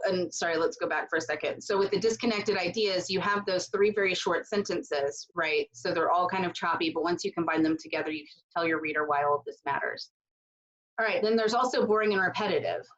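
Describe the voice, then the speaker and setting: Woman writing instructor, loose chatty delivery full of fillers, somewhat low voice, muffled home recording. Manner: loose and conversational, with many fillers and asides. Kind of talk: casual recorded lecture.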